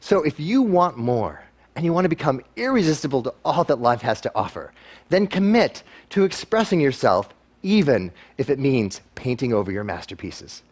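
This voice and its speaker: Guy giving an upbeat motivational talk, acts out little voices, jokey, average pitch. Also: normal speed. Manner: animated, acts out quoted voices. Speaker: guest speaker. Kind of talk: motivational talk to a live audience.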